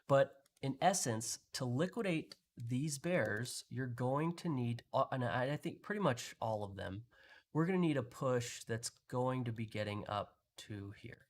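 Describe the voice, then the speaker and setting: A man's voice: medium pitch, lively intonation, measured pace. A man hosting a live market analysis, talking through charts in a conversational way with frequent restarts. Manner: conversational, explaining with pointing phrases and restarts. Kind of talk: live trading chart walkthrough.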